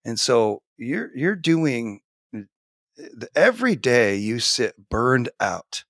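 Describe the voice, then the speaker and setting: Here a teacher and author in his forties is interviewed casually for a podcast in his home office, speaking animatedly with many fillers and restarts. His mid-range voice moves slowly through big pitch swings and has a fairly bright tone. The audio is studio quality, free of room sound.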